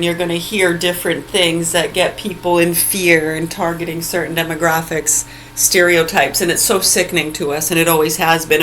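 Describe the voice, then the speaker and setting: Woman, fairly low voice, furious profane rant, sarcastic and mocking, phone video, faint background hum. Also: fairly bright tone, rough recording. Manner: mocking, with bursts of laughter. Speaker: vlogger. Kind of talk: ranting vlog monologue. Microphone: phone video recording.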